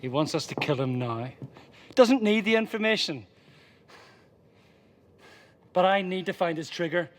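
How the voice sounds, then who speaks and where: A man playing a desperate, volatile interrogator who shouts and swears at himself. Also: sits high, lively intonation, measured pace, long pauses. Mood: grim. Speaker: frustrated interrogator. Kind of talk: indie film acting.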